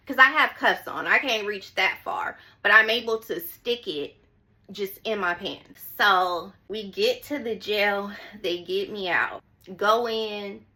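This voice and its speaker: Bright-voiced woman telling a story. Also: medium pitch. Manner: chatty, keeps addressing viewers as y'all; dramatic, repeats phrases for emphasis. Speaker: storytime vlogger. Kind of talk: casual storytelling to viewers.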